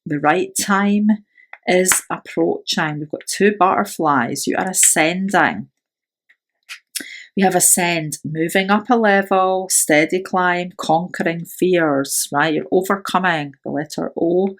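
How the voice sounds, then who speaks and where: A woman's voice: lowish voice, slow pace, a little hiss or hum. A woman giving a pick-a-card tarot reading, speaking in a soothing, affirming way and often tagging her phrases with "right?". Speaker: tarot reader.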